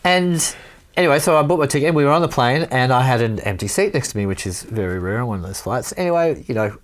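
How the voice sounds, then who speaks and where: Welsh man, mid-pitched, casual rambling storyteller who laughs a lot and curses; podcast co-host energy. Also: lively intonation, fast. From Wales. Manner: rambling, laughs often, swears.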